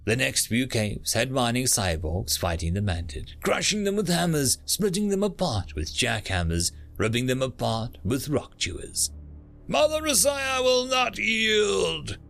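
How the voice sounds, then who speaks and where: Male audiobook narrator, gravelly timbre, expressive pitch movement, dramatic reads. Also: normal speed, few pauses, faint music behind. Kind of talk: scripted narration.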